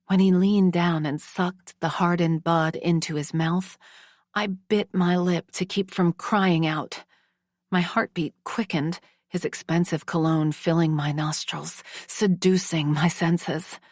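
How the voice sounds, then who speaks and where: A woman narrating a first-person romance audiobook in a slow, hushed, measured reading. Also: fairly low pitch, no room sound, clean studio sound.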